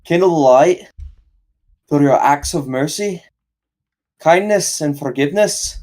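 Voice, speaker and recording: A man's voice: a little high, unhurried, darkish tone, close to an everyday voice. A man voicing a determined adventurer who repeats a paladin oath earnestly, close to his own voice.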